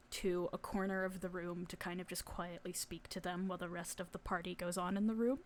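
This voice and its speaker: A woman narrating a tabletop game as game master, animated and casual with laughter and swearing. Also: fairly low pitch, moderate pace, hardly any pauses, slight background noise.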